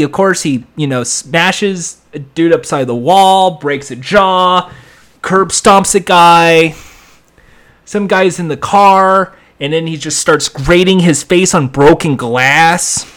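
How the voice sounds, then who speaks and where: A man rambling through a casual recap of a TV episode, acting out lines as he goes. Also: on the high side. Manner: rambling, animated, acts out lines. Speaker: TV episode reviewer.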